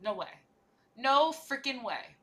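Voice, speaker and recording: A woman's voice: high voice, animated, slow pace, bright, forceful tone. A young woman chatting casually and playfully while she paints miniatures on a livestream, rambling from one joke to the next.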